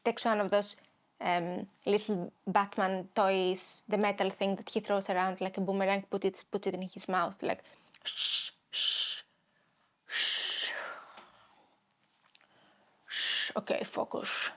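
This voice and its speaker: A young woman from Greece with a Greek accent, hosting a comedy podcast in an animated, rambling way. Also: medium pitch, normal speed. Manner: animated, rambling, stop-start storytelling. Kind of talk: solo comedic podcast monologue.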